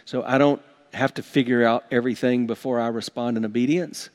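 A man's voice: medium pitch, fairly even intonation, a little fast, a little mellow. A man preaching a sermon to his congregation, earnest and emphatic, often repeating and restarting words. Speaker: pastor.

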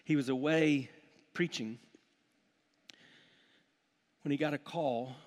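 A male pastor delivers a sermon in a fairly high voice. He climbs to loud, emphatic peaks, then falls back to a hushed, intimate tone. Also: slow.

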